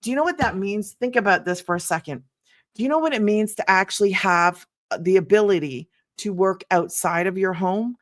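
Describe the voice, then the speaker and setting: An older woman hosting a casual livestream, chatty and excitable, greeting viewers by name and laughing often. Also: medium pitch, normal speed. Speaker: livestream host selling online business programs.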